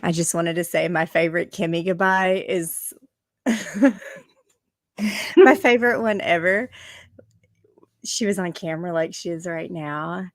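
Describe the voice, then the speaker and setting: A woman's voice: fairly low pitch, a little slow, pauses often, no echo, clean studio sound. A woman co-hosting a casual livestream chat, laughing often, swearing and teasing.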